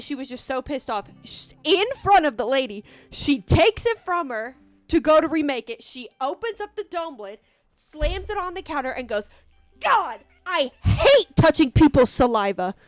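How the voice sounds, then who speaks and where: A woman's voice: high voice, no room sound. A young woman vlogger telling a story casually while gaming, rambling with lots of "like" and frequent swearing.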